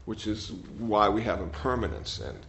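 An older man, a meditation teacher, giving a gentle, rambling dharma talk that often repeats words. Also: fairly low pitch, sing-song, normal speed, vocal fry. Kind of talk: dharma talk with audience questions. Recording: slightly dull sound, faint noise.

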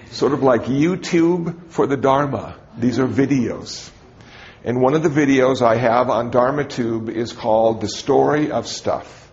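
A man's voice: medium pitch, a little mellow, lo-fi sound. A man, a Buddhist teacher, giving a dharma talk to a group in a conversational, humorous storytelling manner.

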